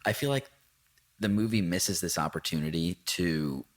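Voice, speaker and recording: A man's voice: low-pitched, normal speed. A man co-hosting a podcast, talking through a film in an earnest, reflective way with frequent restarts. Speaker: podcast co-host. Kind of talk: casual film discussion.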